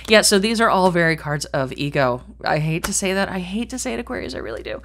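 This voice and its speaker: A woman's voice: sits low, expressive, brisk, few pauses, fairly bright tone. A middle-aged woman giving a chatty tarot reading to camera, rambling and thinking aloud, swearing casually and speaking bluntly. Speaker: tarot reader.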